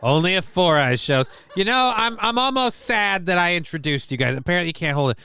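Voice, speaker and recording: A man's voice: sits high, lively intonation, fairly quick, bright, forceful tone, smooth. A man hosting a livestream, chatting casually, cracking crude jokes and reading chat aloud. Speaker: livestream host.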